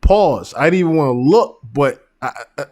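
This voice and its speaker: A man hosting a podcast, giving casual commentary and animated stories, often breaking into laughter. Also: on the high side, moderate pace. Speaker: podcast host.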